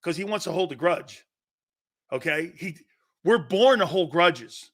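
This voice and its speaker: A middle-aged man hosting a sports talk show, telling stories in a lively casual way and slipping into quick mob-movie impressions. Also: high voice. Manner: animated storytelling, quick mob-movie impressions, laughs often. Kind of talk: casual chat.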